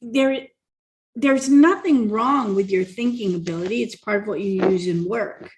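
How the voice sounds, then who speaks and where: A woman's voice: medium pitch, normal speed. Woman co-host, casual coaching chat, chatty storyteller, laughs easily, video call. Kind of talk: casual coaching talk show.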